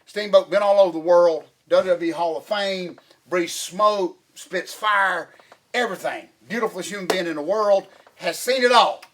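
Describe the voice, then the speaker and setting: A middle-aged man hosting casual chat, excitable and rambling with many restarts. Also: sits high, normal speed, background noise. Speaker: podcast host.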